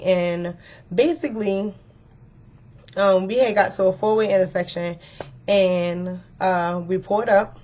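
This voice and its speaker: A young woman tells a story to her viewers in a loose, chatty way, full of fillers and lively asides. Her voice sits at a middling pitch for a woman. The recording is a bit dull and lo-fi. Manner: chatty and animated, filler-heavy, lively retelling. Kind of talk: casual storytime vlog.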